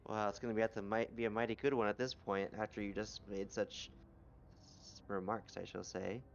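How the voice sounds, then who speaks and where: A man's voice: fairly low pitch, level tone, fairly quick, vocal fry, dull audio, slight background noise. A man playing a sarcastic heroine. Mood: indignant. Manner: mocking, indignant. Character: sarcastic female adventurer. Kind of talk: tabletop game character voice.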